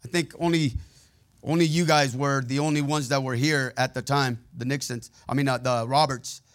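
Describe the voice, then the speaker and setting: A man's voice: medium pitch, steady tone, normal speed. A man preaching a sermon, telling personal stories in a candid, plainspoken way and checking in with the congregation as he goes. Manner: conversational preaching with call-and-response asides.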